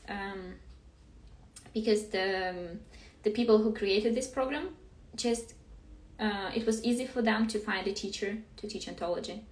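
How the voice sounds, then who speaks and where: A young woman, a native Russian speaker, chatting casually on a live stream, hesitant, with many fillers and frequent laughs. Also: medium pitch. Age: young adult. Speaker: master's student. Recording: roomy room, mic at a distance.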